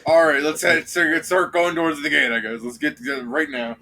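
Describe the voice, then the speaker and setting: A man's voice: a little high, little pitch movement, a little fast, bright, forceful tone. A man narrating a tabletop game as game master, jumping into character voices. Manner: voices characters with bursts of energy.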